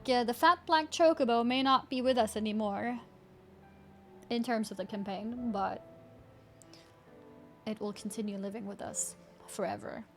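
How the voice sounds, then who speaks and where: A woman's voice: fairly high pitch, a bit bright. A woman livestreamer chatting casually, thanking viewers and giggling while playing a game. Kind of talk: casual gaming stream chat. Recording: game music underneath. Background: game music.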